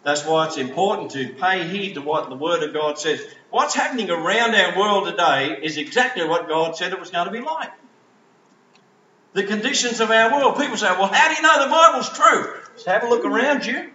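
A man's voice: sits high, expressive, normal speed, bright, forceful tone, roomy sound, recorded from a distance, lo-fi sound, slight background noise. A middle-aged man preaching a sermon in a conversational storytelling way, acting out quoted voices. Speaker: preacher and school teacher.

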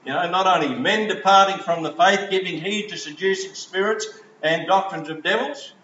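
A man's voice: high voice, moderate pace, sharp tone, echoey room, distant mic, dull audio, slight background noise. A middle-aged man preaching a sermon in a conversational storytelling way, acting out quoted voices. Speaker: preacher and school teacher.

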